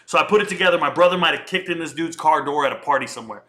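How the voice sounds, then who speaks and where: A man in his thirties giving casual, slangy commentary and telling a story in an animated, conversational way. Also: a little high, rapid-fire.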